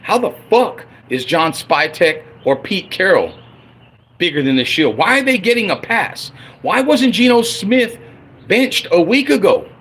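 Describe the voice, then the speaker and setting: A man ranting on a livestream about his football team, profane and heated, swinging between loud outbursts and low grumbling. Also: sing-song, unhurried, husky. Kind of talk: angry unscripted livestream rant.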